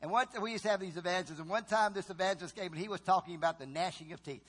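A high-pitched man preaching a sermon in a church. He drops to slow, quiet lines, then bursts into shouted cries and groans as he acts out the voices of his story. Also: slightly rough. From Virginia. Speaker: pastor.

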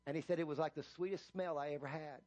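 In church, a pastor with a fairly high voice and fairly even intonation preaches fast, retelling a story with many restarts. He builds up to reading scripture loudly and emphatically.

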